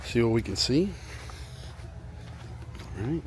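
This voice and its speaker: Excitable man narrating his own walkthrough outdoors; average pitch, faint background noise, camera mic. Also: slow pace. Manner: chatty, exclaims at animals, drops to hushed voice. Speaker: vlog host. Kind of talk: casual travel vlog walkthrough. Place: outdoor animal park.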